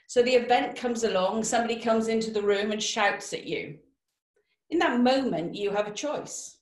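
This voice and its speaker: A woman giving a motivational webinar talk, lively and direct, asking the audience questions. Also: medium pitch, echoey room. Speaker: webinar speaker.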